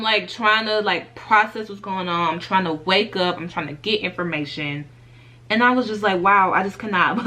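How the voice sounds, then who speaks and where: A young woman talks straight to her followers in a loose, chatty vlog voice, her pitch sitting a little low for a woman. She calls her viewers y'all and baby and laughs lightly even while telling hard news, in a candid, conversational storytelling manner. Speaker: vlogger. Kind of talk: candid life-update storytelling.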